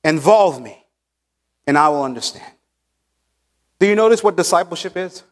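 Pastor, male, higher voice, emphatic teaching sermon in a church sanctuary. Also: lively intonation. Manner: emphatic teaching preacher, pausing on key words. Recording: long church hall reverb.

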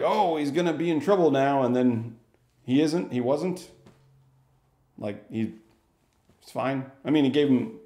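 A man's voice: medium pitch, darkish tone. A man giving a casual, chatty movie review on video, rambling and wry. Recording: echoey room.

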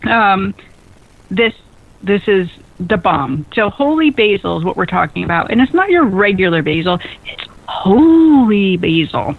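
A woman hosting a radio talk show in an excitable, bubbly way, often laughing at herself. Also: mid-range voice, normal speed, vocal fry. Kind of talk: casual radio chat. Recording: lo-fi phone-like radio audio.

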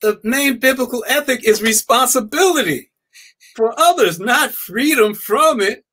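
A man speaking as a guest scholar in a live-stream interview, emphatic and animated, often repeating his key words. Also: very high-pitched, measured pace.

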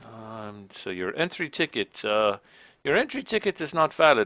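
A man's voice: medium pitch, big pitch swings, normal speed, sharp tone, no echo. A man streaming a game live, talking to the on-screen travelers in a stiff, formal border-inspector manner. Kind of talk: live gameplay commentary.

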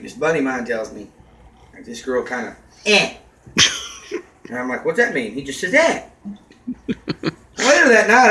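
A man with a high, bright voice tells a story as a casual comedy rant. He swears freely and shouts out the lines he quotes. The room sounds echoey, with faint noise behind him. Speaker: vlogger.

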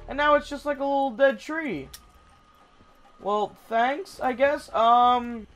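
A young man hosting a gaming channel, giving casual, excitable gameplay commentary and swearing when startled. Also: very high voice, takes it slowly, soft background music.

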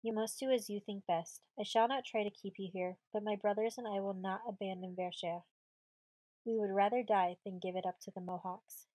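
A woman's voice: mid-range voice, fairly even intonation, moderate pace, warm tone, no room sound, lightly acted, low-quality recording. A woman voicing a brave teenage girl in command of a fort, speaking firmly and earnestly. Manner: firm, earnest.

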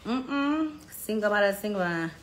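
This Jamaican-accented social media personality speaks at a moderate pace in a medium-pitched voice, livestreaming by phone from a hair salon. She spins lively patois stories, performing the voices of whoever she quotes. Faint background noise carries through an echoey room.

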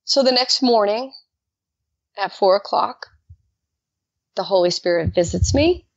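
A woman guest telling her personal faith testimony in an animated way, acting out the dialogue she quotes. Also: unhurried, gravelly, no echo. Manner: animated, acts out quoted dialogue with jumps in pitch. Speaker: podcast guest. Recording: dull lo-fi dry recording.

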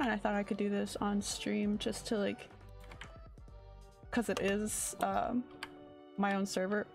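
A woman's voice: medium pitch, creaky. A woman streamer giving casual gameplay commentary in a sleepy, rambling way, often searching for her words. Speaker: game streamer.

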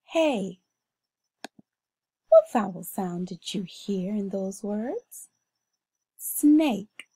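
Bahamian lady teacher doing a phonics lesson, slow careful sounding out, kinda husky. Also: medium pitch, mellow. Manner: slow, clearly sounded-out words, sing-song prompts. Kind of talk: phonics lesson for young children.

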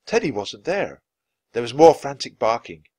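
A man reading a children's book aloud, with expressive, lively narration. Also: medium pitch, moderate pace, slightly rough, no echo. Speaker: storyteller.

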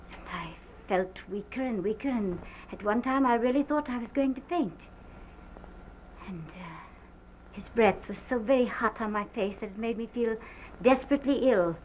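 An actress playing a distraught young wife who recounts a violent night in a halting, theatrical manner, from an early sound film drama. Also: female voice, on the high side, close to an everyday voice. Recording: dull lo-fi early film soundtrack with faint hiss.

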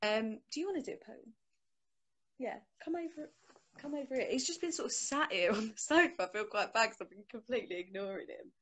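A woman's voice: a little high, lively intonation, a little fast, a bit bright. A young woman hosting her own book launch from home, chatting informally on a phone live stream. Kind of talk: casual live-stream chat. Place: home, on a sofa.

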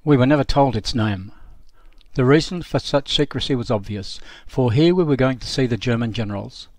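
A male documentary narrator reading a first-person memoir in a measured, sober delivery. His voice sits at an average pitch. The recording is dry and close, with no room sound. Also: a little mellow, dry recording.

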